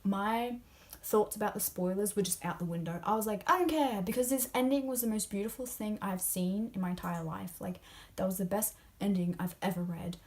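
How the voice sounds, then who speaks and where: A woman's voice: medium pitch, steady tone, fairly quick, warm tone. A young woman chatting casually about a novel she loved, gushing, full of fillers and often dropping into a whisper. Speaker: book vlogger. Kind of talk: casual spoiler discussion of a novel.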